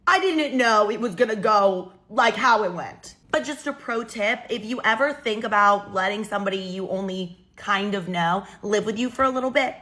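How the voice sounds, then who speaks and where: Bright-voiced young woman telling a story. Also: mid-range voice, normal speed, hardly any pauses. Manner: animated, exasperated retelling. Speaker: storytime creator. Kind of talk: casual storytime narration.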